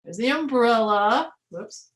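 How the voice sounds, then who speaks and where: A young woman reading a picture book aloud to children, animated, with gasps, laughs and questions to her listeners. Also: on the high side, slow pace. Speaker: museum educator reading to children. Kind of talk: storytime read-aloud.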